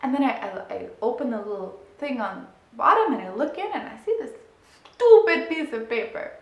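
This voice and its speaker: A woman in her thirties telling a personal story as a money mindset coach, animated and laughing as she goes, climbing high and loud at the exciting moments. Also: normal speed. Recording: roomy echo.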